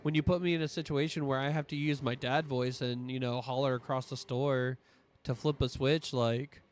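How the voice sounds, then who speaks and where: A man's voice: mid-range voice, steady tone, normal speed, smooth. A man streaming, telling rambling, profane stories in casual chat, his voice a little strained from allergies.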